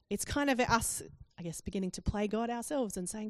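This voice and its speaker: A woman's voice: medium pitch, brisk, hardly any pauses, no echo, studio quality. A woman preaching a sermon, acting out quoted questions with rising emphasis.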